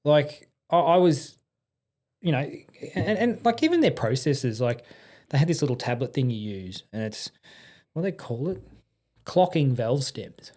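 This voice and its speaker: An Australian man, a podcast guest, telling blunt, lively anecdotes in casual conversation with frequent restarts and slang. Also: mid-range voice, measured pace.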